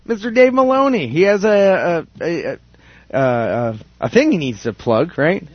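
A man's voice: high-pitched, very animated, a little slow, no echo, highs cut off. A man hosting a casual podcast chat, telling a story animatedly with many restarts. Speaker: podcast host. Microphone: studio microphone.

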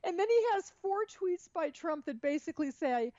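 A woman's voice: high-pitched, lively intonation, moderate pace, warm tone, dry recording. A woman co-hosting a casual political podcast, chatting and reading quotes aloud with many fillers and restarts. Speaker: podcast co-host. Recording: dull lo-fi sound, dry.

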